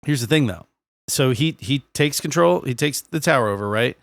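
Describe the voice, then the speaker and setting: A man's voice: mid-range voice, animated, normal speed, fairly bright tone, no echo. A man co-hosting a podcast, telling a history story in casual chat, laughing often and swearing freely. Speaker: podcast co-host.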